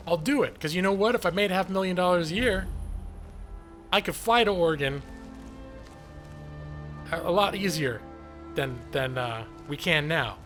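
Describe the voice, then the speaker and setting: A man rambles cheerfully through live gameplay commentary, poking fun at himself as he goes. His voice sits a little higher than most men's. Faint music plays beneath his talk. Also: lively intonation, normal speed, pauses often, fairly bright tone. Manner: chatty, joking, self-deprecating. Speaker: gaming streamer.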